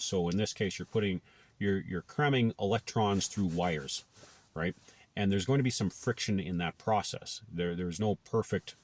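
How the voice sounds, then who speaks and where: A man's voice: deep voice, a little mellow. A man from Canada talking casually to camera, thinking aloud with many restarts and okays. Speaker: blogger.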